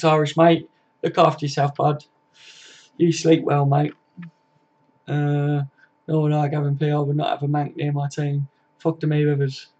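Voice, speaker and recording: A young man chats loosely on a home live stream, reading viewer comments, swearing freely and calling everyone "mate" in a laddish way. His voice is a bit high and fairly flat in pitch, and the audio sounds dull and lo-fi.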